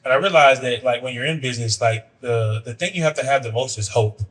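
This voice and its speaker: A man's voice: medium pitch, fast talker, a bit bright, recorded from a distance, rough recording. A man hosting a podcast and talking loosely with lots of fillers as he moves between questions. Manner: loose, rambling, uses many fillers. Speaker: podcast host. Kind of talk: casual interview.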